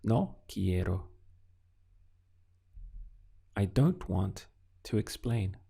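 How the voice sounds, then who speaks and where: A man teaching a recorded language lesson, asking slow, deliberate questions and pausing for the learner to answer. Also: low voice, sing-song, gravelly, warm tone, breathy edge. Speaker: Spanish teacher.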